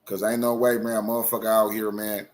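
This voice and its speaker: A man's voice: on the low side, little pitch movement, a little fast. A man hosting a live online show, ranting in heated casual commentary, profane and repetitive.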